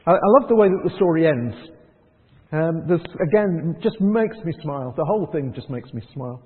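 A man preaching a conversational sermon in church, lively and chuckling, dropping to soft prayerful tones. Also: a little high, moderate pace, big-room sound, narrow, tinny audio.

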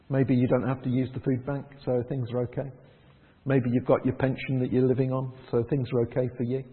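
A man preaching a conversational sermon in church, lively and chuckling, dropping to soft prayerful tones. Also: medium pitch, in a large hall, phone-quality sound.

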